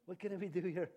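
Man preaching a sermon, high voice, animated, laughs between points, acts out quoted voices.

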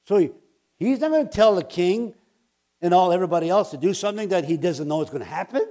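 Male preacher, sermon, scripture reading with casual asides, animated emphatic bursts, fairly high voice, mellow tone. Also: fast talker. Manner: reads scripture aloud, then explains it in casual asides.

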